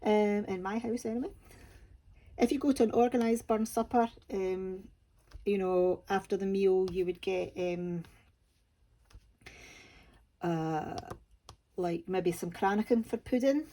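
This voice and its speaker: A woman's voice: medium pitch, fairly even intonation, unhurried, long pauses, warm tone. A Scottish woman from Scotland, hosting a crafting channel and chatting casually to camera in a homely, self-deprecating way.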